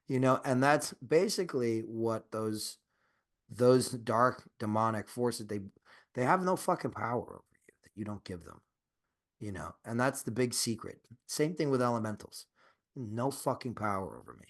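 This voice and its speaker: A man's voice: medium pitch, expressive, moderate pace. A man co-hosting a podcast in casual chat, rambling with restarts and swearing, and turning emphatic and insistent when he argues a point. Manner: rambling, profane, with frequent restarts and fillers. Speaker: podcast co-host.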